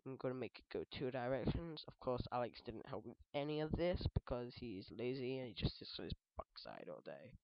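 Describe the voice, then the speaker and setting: A man's voice: mid-range voice, very animated, brisk, creaky, hardly any pauses, dry recording. A British teenage boy rambling through casual, jokey let's-play commentary, often correcting himself mid-sentence. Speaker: gaming video host. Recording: dull dry lo-fi mic.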